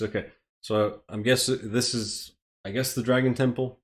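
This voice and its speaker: A little slow and lowish in pitch, this American man hosts a stream where he reads a script aloud. He rambles, puts himself down in asides, and chuckles between phrases.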